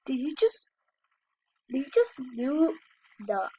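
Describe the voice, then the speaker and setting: A woman's voice: high voice, very animated, slow pace, warm tone, no echo. Exclaiming woman reacting to fail clips. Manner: exclaims short reactions, lots of "oh" and "yo". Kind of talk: casual reaction commentary. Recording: dry, dull lo-fi recording.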